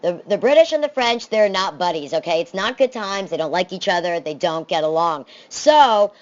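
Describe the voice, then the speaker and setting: Lively woman teacher, lo-fi audio. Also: on the low side, normal speed. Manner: lively and conversational, with playful asides. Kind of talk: recorded classroom presentation. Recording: slightly dull lo-fi audio.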